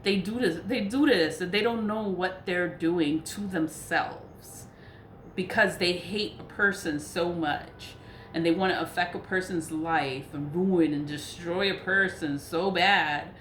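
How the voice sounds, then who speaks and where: A woman's voice: lowish voice, a bit bright. Woman, blunt, swears a lot, casual rant, roomy echo, faint hiss. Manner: blunt, profane, laughs between points. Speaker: spiritual practitioner. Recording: echoey room with faint noise.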